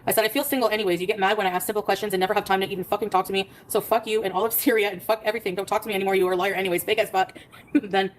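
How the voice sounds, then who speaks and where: A woman on a casual livestream, rapidly recounting a quarrel by reading out her text messages. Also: mid-range voice, flat delivery, slight background noise, low-quality recording.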